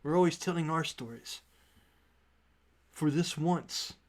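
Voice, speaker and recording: A man's voice: a little high, slow pace. A man voicing a grand, theatrical troupe-leader father who talks in a persuasive, showy way. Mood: rousing.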